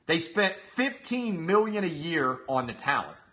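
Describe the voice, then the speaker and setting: A man hosting a sports talk show, giving emphatic, sarcastic solo commentary that swings between loud and quiet. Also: on the high side, very animated, measured pace.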